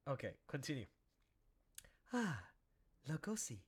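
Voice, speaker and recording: Chatty, animated man streaming. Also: medium pitch, a little slow, pauses often, slightly rough. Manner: chatty, animated, prone to laughing and restarts. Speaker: comic artist and streamer. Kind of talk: casual chat.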